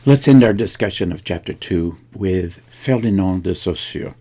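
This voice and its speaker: A man's voice: sits low, normal speed, dark tone. A man giving a recorded linguistics lecture, thinking aloud with frequent restarts and fillers.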